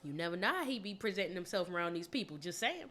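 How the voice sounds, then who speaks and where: A woman co-hosting a podcast in casual chat, blunt and animated, swearing freely. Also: fairly low pitch, fast. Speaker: podcast co-host.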